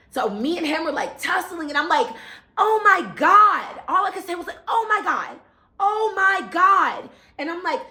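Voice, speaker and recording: A young woman recounts a travel story straight to camera in a casual storytime vlog. Her voice is bright and forward, and she gets animated, acting out lines and crying out as the story builds. The room around her is noticeably echoey. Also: mid-range voice. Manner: animated, acts out voices and cries out while retelling. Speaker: travel vlogger.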